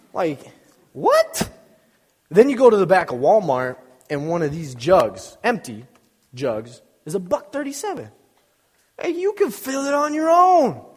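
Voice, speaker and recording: Joking young preacher in a reverberant hall. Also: male voice, high voice, breathy edge. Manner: casual, joking storyteller acting out little scenes. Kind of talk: informal sermon.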